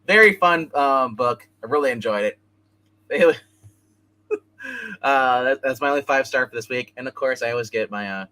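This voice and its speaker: A man hosting a casual comic book review, rambling as he retells scenes and tosses in quick bits of dialogue. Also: mid-range voice, pushed and bright, rough recording.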